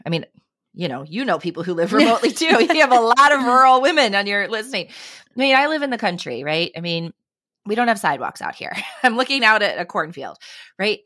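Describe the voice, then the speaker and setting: A woman's voice: medium pitch, fairly bright tone, no room sound, clean studio sound. A woman in her thirties, a podcast guest, telling personal stories earnestly and with animation, often adding "right?" and "I mean". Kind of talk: conversational interview.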